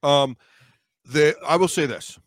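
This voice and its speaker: A man from New York with a New York accent, co-hosting a casual podcast, animated and swearing, repeating his words. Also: a little high, slow, no room sound, studio quality. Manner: animated, profane, repeats himself. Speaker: podcast co-host. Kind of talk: casual chat.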